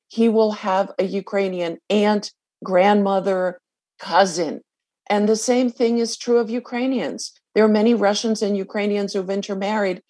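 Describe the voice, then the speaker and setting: A woman's voice: mid-range voice, a little mellow. A woman lawyer interviewed on radio, speaking in an earnest, explanatory way.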